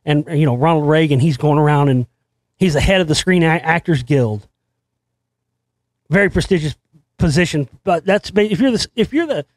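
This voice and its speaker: Rambling excitable male show host. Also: a little high, moderate pace, long pauses, no room sound. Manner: rambling, excitable, swears, many restarts. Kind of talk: conspiracy commentary monologue.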